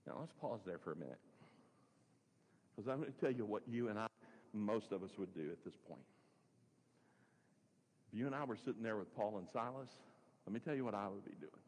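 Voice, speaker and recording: A man's voice: fairly low pitch, lively intonation, brisk, long pauses, breathy edge. A male pastor preaches a sermon and reads scripture in a conversational way, musing aloud with chuckling asides. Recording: long hall reverb.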